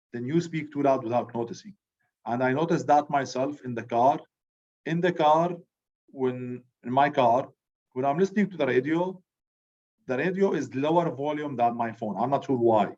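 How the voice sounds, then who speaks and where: A middle-aged male teacher lectures his class loudly and with plenty of energy. He keeps pausing to check in with the students. The recording is dull and lo-fi, and his voice sits at a middle pitch. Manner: loud, animated, repeats "good" as a check-in.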